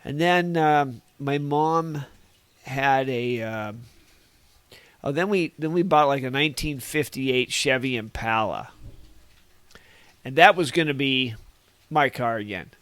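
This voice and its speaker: A man's voice: mid-range voice, slow, a bit bright, clean tone, no echo. A man in his sixties from Northern California, a podcast guest telling old stories in a rambling, folksy way and chuckling at his own tales. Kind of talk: casual reminiscing storytelling.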